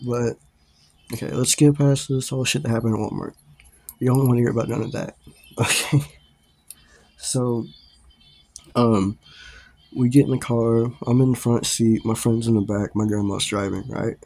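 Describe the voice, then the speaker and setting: A man's voice: medium pitch, fairly even intonation, moderate pace, vocal fry, pauses often, darkish tone. Man, casual storytime vlogger, rambling delivery, laughs between lines, salty language. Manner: laughs often between lines, swears freely; rambling, with many fillers and restarts.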